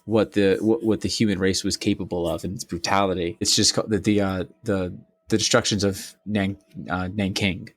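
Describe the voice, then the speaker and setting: A young man co-hosting a casual podcast, rambling and profane as he tells animated stories. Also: low voice, moderate pace, dry recording. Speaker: podcast co-host. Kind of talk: casual chat.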